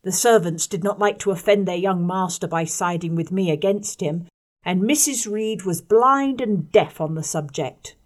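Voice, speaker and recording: A woman narrating a first-person story in a measured audiobook reading, letting her voice drop soft on the quiet passages. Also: lowish voice.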